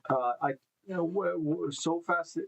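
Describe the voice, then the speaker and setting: A man's voice: fairly high pitch, a little slow, gravelly, a bit bright, breathy edge, poor audio. A man hosting a casual live stream, reading news stories aloud, tripping over names and breaking off to think aloud. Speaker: host. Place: indoor room with live beehives.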